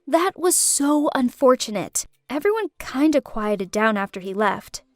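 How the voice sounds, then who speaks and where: Animated high-voiced young woman storyteller. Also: unhurried, no room sound, clean studio sound. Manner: animated, dramatic. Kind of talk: first-person storytime narration.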